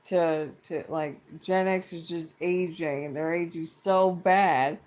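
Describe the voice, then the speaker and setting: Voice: mid-range voice, fairly even intonation, slow pace, darkish tone. A middle-aged vlogger delivering a casual, profane rant to camera, blunt and exasperated, swearing constantly and circling back on the same points. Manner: blunt and exasperated, heavy swearing, repeats itself.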